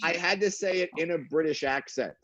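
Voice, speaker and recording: A man's voice: a little high, fairly quick, a bit bright, slight background noise. A man, a stand-up comedian, chatting casually as a guest, laughing often and rambling with restarts, heard over a lo-fi video call. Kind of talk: casual chat. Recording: dull lo-fi call audio.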